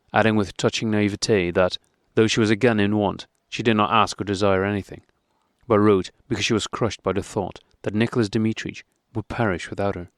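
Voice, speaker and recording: A man narrating a classic novel as an audiobook in a measured, even way. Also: lowish voice, dry recording, clean studio sound.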